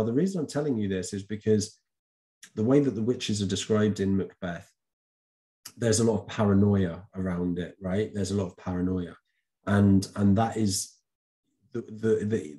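A man with a low, mellow voice walks students through a revision lesson. He talks casually to the camera and often stops to correct himself or fill a pause with an um. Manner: chatty, with frequent ums and self-corrections. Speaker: teacher. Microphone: camera recording.

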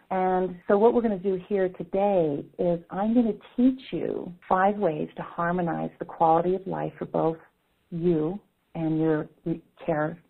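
A woman's voice: lowish voice, creaky, breathy edge. A woman giving an earnest teaching presentation at an online caregiver summit, repeating key words for emphasis. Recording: phone-line telesummit audio.

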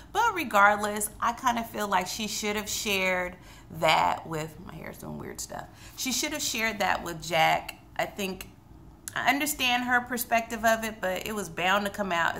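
A woman chatting to her camera at home, running through an episode scene by scene. Her voice is bright and edged with gravelly fry, sitting a bit low for a woman. A faint hiss sits under the recording. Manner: chatty, retells scenes with quoted lines. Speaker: TV recap vlogger. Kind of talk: casual recap chat to camera.

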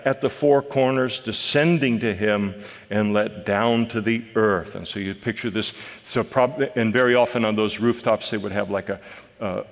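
A male pastor teaching a verse-by-verse sermon in a conversational way, with frequent fillers and restarts. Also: lowish voice. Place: church sanctuary. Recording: church hall with long reverb.

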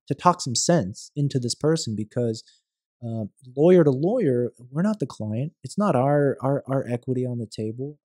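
Mellow-voiced man speaking thoughtfully. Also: medium pitch, dry recording, clean studio sound. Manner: measured, thoughtful, frequent restarts. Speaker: commercial real estate attorney, podcast guest. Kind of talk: conversational interview.

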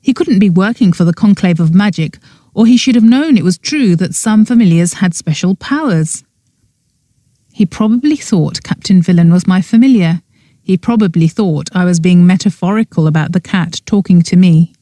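A woman narrates a first-person mystery audiobook in a brisk reading style. Her tone is dark and mellow, recorded dry and close. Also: fairly low pitch, lively intonation, no echo.

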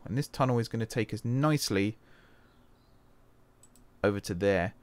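A man from the UK with a medium-pitched voice, recorded with no room sound, hosts a let's-play. He gives casual commentary while playing a computer game, thinking aloud, often changing his mind and correcting himself, and he has wrist pain.

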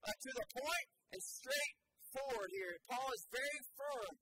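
A man's voice: extremely high pitch, expressive, unhurried. A pastor preaching a sermon in a church, emphatic and repetitive as he drives points home. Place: church sanctuary. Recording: sermon recording with background noise.

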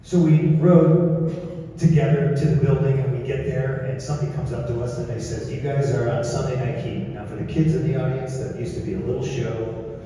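A man's voice: mid-range voice, fairly even intonation, a little fast, mellow. A man in his forties from Chicago giving a casual, profane acceptance speech, telling stories with self-mocking jokes on a stage. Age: 40s. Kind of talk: live acceptance speech with storytelling. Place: large banquet hall. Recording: echoey hall, distant pickup, faint room noise.

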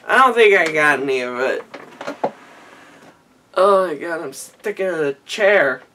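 A man's voice: on the high side, animated, measured pace, pushed and bright, far from the mic. A tipsy young man rambling through a recap, stammering and restarting his sentences. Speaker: vlogger recapping an anime. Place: small warm room indoors.

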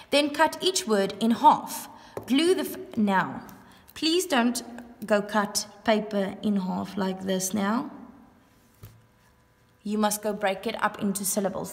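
Woman teacher, patient and clear, sounding out words for kids; long room echo on the recording. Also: medium pitch. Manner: patient, repeats and spells words out slowly. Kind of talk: online grammar lesson for young pupils. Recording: echoey room with long reverb.

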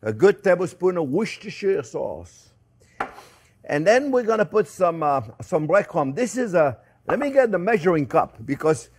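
A man's voice: high voice, slight background noise. A man with a French accent hosting a casual cooking demonstration, chatty and playful, chuckling often with lots of fillers. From France. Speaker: cooking show host.

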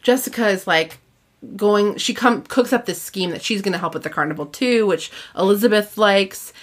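A woman's voice: mid-range voice, moderate pace. Chatty woman hosting a podcast. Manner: chatty, recaps plot with frequent "like" and laughter. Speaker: podcast host. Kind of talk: casual chat.

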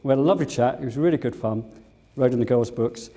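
A man's voice: medium pitch, quick pace, warm tone. An older English man, a former airline captain, giving a museum talk full of fond anecdotes and fillers. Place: museum lecture room.

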